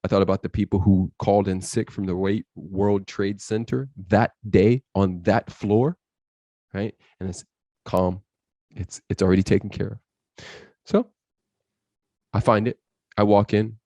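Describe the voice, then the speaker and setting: A man's voice: sits low, creaky, dark tone, no echo. A man telling an intense personal story as a podcast guest, acting out his inner voice and other people as he goes.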